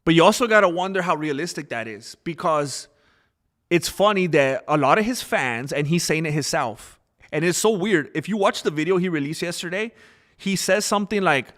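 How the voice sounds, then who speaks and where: Animated man hosting a livestream. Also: fairly high pitch, moderate pace. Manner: animated, opinionated, reads out chat messages. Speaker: livestream host. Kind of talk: casual livestream commentary.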